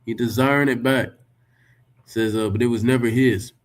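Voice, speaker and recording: A man's voice: medium pitch, steady tone, moderate pace. A man rebutting a text he reads aloud, talking emphatically, swearing freely and firing off rhetorical questions. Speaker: religious commentator. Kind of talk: reacting to and rebutting a written text.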